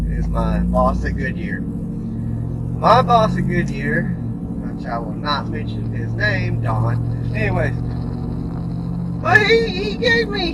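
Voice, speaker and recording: Rambling, swearing man over loud road noise. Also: high-pitched. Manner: rambling, profane, laughs through his story. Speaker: vlogger. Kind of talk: rambling storytelling.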